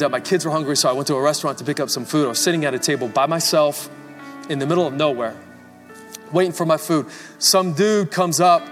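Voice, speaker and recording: A man with a fairly high voice preaches before a congregation, telling stories and pressing his points with rising fervor. His voice rings through a large church hall with long reverb, and soft music plays faintly beneath. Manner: storytelling, rising to fervent emphasis. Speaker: pastor. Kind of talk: sermon.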